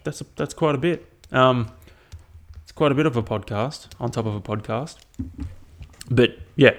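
A young man hosting a solo podcast, chatting casually and rambling with frequent swearing. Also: mid-range voice. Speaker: podcast host.

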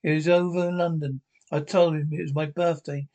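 Older scottish guy grumbling and bantering in a sitcom, swears a lot, voice sits a bit high. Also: flat delivery, fairly quick, darkish tone. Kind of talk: sitcom dialogue.

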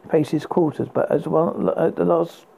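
A man's voice: a little high, fairly even intonation, moderate pace, gravelly, warm tone, slightly rough, rough recording. A man reading a fairy tale aloud, unpolished, often stumbling and restarting words. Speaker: narrator. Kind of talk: storybook reading.

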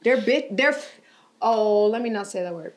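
A young woman hosting a podcast, chatting casually in an animated, rambling way, laughing often and swearing now and then. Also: mid-range voice, normal speed. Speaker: podcast host. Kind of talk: casual chat.

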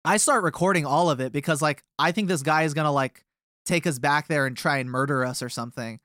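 A man's voice: on the high side, brisk, pushed and bright, no room sound, clean studio sound. A young man from a touring band telling a long tour story in a casual, rambling way with many fillers.

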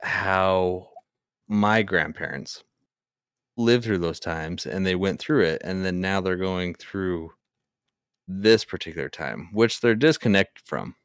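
A man's voice: deep voice, takes it slowly, clean tone, no echo, clean studio sound. A young man co-hosting a podcast, talking in a laid-back, rambling way and adding wry jokes. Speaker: podcast co-host. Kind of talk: casual chat.

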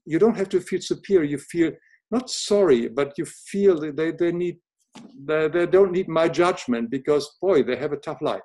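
Older man w german accent, soft earnest guest talk, lots of restarts, video call sound. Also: on the high side. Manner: halting, many restarts, gentle and earnest. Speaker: guest, author and illustrator. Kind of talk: reflective interview conversation.

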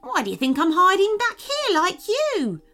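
A woman's voice: very high-pitched, huge pitch swings, moderate pace, bright, forceful tone, faint music behind, pitched above the performer's own voice, full character voice. Self-conscious tall male garden gnome for a storybook, voiced by a woman narrator. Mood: gentle.

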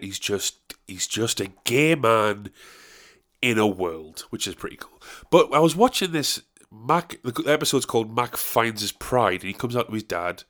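A man's voice: on the low side, fairly bright tone. A man, talking alone in a rambling, chatty and self-mocking way with some swearing. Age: 30s. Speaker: comedian and musician. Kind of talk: casual solo monologue.

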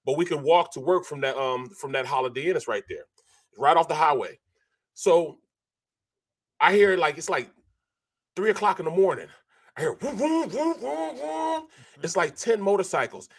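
Man, sports show co-host, ex-player, slightly high voice, lively storyteller. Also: normal speed, long pauses, breathy edge. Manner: animated, repeats "bro" and "man", mimics sounds. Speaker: co-host, former football player. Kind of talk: casual sports talk storytelling.

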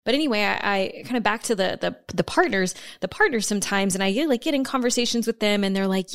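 Picture a woman in her thirties hosting a podcast, talking with blunt, emphatic candor and an easy habit of swearing. Her voice sits at a middle pitch, and her delivery is conversational and unpolished. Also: expressive, fast talker, hardly any pauses. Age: 30s. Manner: frank and emphatic, swears freely. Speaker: podcast host. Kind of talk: candid conversational chat.

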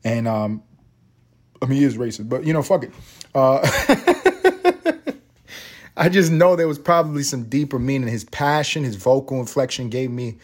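A male podcast host talking on his own in a loose, profane monologue. He rambles from story to story and keeps catching himself on tangents. His voice sits at an everyday middle pitch. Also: brisk. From Puerto Rico. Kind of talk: profane solo podcast rant.

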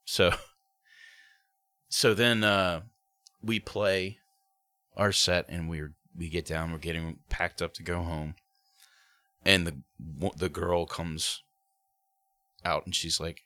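A man in his thirties casually telling a story, acting out quotes in high voices. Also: fairly even intonation, slow, long pauses, pushed and bright, no room sound. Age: 30s.

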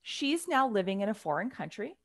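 A woman on a podcast telling a story in a casual, animated way, with her voice swinging from loud to hushed. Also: medium pitch, fairly quick, no room sound.

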